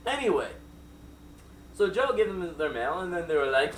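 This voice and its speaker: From a distant mic, with roomy echo and faint background noise, a man with a fairly high, sing-song voice spins a silly made-up story on the spot. He speaks at a moderate pace, rambling through many digressions and asides.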